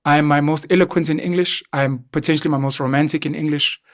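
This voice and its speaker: Animated young South African man. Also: on the high side, fast. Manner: animated storyteller, mimics other voices. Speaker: podcast guest. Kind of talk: casual podcast chat.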